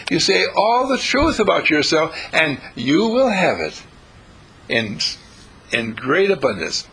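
A man's voice: a little high, very animated, takes it slowly, a bit bright, breathy edge, poor audio. A man giving an inspirational spiritual talk in a folksy, repetitive way, chuckling as he preaches. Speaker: spiritual speaker.

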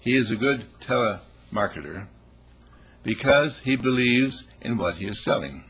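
Raspy, lively folksy man. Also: mid-range voice, a little slow. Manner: folksy, repetitive, acts out quotes in voices. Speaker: speaker giving a motivational talk. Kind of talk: informal motivational talk.

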